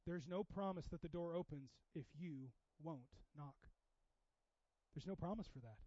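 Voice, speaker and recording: A pastor preaching a sermon in a conversational way, swinging from loud exhortation to hushed asides. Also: male voice, fairly high pitch, a little slow, no room sound, dull audio.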